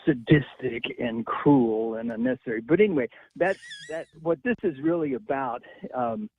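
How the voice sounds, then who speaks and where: A veterinarian calling in by phone, explaining things in a chatty way and chuckling easily. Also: male voice, mid-range voice, lively intonation, moderate pace, breathy edge. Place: on the phone, away from the studio. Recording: tinny phone line.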